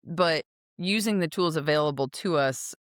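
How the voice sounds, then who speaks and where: A woman hosts a podcast in a casual interview chat, her deep voice moving at a normal speed as she rambles chattily and laughs easily. The recording is dry, with clean studio sound.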